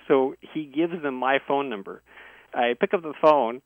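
A man's voice: on the high side, moderate pace, no room sound. A male guest earnestly telling a detailed personal story in a conversational way, heard over a phone. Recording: tinny dry phone line.

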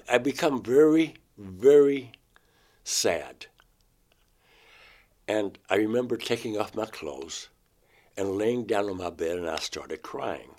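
This interview guest is a man whose voice sits on the low side and sounds a little mellow. He tells an earnest first-person story of being abducted, performing the words he spoke at the time.

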